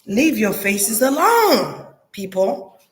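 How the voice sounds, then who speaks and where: Blunt, animated woman vlogger. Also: slow pace, slight background noise. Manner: blunt and profane, animated, talks straight to viewers; lively pitch jumps, laughs often. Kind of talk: casual opinion monologue.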